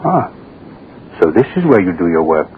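An actor playing an arrogant, menacing state official who speaks curtly and with contempt, in 1940s radio-acting style. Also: male voice, deep voice, big pitch swings, moderate pace. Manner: curt, domineering, contemptuous. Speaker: propaganda official, His Excellency. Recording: dull old radio recording with faint hiss.

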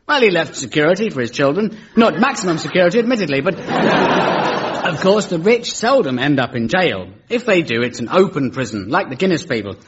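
A man's voice: a little high, a little hiss or hum. A man hosting a comedy show, delivering a dry, mock-formal satirical lecture with sarcastic punchlines. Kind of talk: scripted satirical stand-up lecture. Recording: dull lo-fi broadcast recording.

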